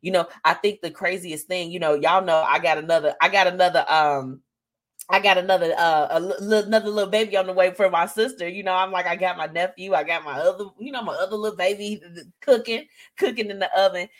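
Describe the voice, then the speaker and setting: A woman's voice: lowish voice, quick pace. A woman hosting a live show, talking candidly and emotionally to her listeners and calling them y'all. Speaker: host.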